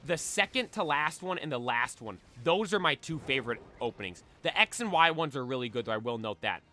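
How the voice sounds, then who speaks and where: A young man streaming casually, chatting excitedly and belting out theme songs. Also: medium pitch, a little fast, slight background noise. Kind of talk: casual chat while shiny hunting.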